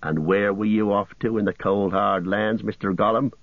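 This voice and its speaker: Man doing a gruff growling hobbit. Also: on the low side, fairly even intonation, normal speed, no room sound, phone-quality sound. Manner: growling, scornful. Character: gruff, blunt male hobbit servant.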